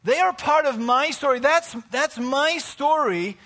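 A man's voice: very high voice, animated, measured pace, bright, forceful tone. A man in his fifties giving a conversational sermon in a church service, personal and heartfelt, building to emphatic preaching. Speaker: pastor.

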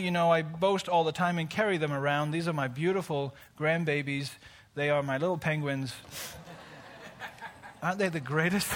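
A man's voice: high voice, a bit bright. A man in his fifties giving a conversational sermon in a church service, personal and heartfelt, building to emphatic preaching. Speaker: pastor.

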